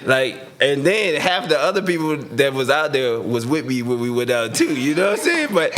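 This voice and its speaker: A man's voice: medium pitch, very animated, moderate pace, noisy background. A man, a guest on a podcast, telling a story in loose, slangy casual talk and acting out the people he quotes. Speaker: podcast guest, former football player.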